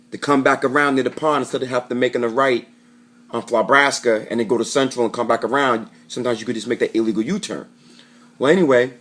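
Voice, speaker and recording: A man telling a rambling, profane story straight to camera in a casual vlog, often correcting himself as he goes. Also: medium pitch. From Florida. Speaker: vlogger.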